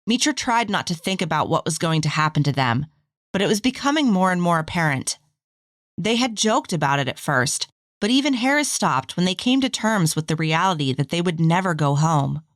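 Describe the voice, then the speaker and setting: A woman narrates a fantasy audiobook in a low voice that moves expressively up and down. The recording is dry and close, with no room sound. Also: big pitch swings, brisk, no room sound.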